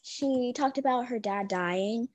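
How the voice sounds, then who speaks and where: A woman's voice: on the high side, takes it slowly, a little mellow, no room sound. Giggly young woman telling rambling stories. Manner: giggly, rambling, many fillers. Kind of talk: casual storytelling chat.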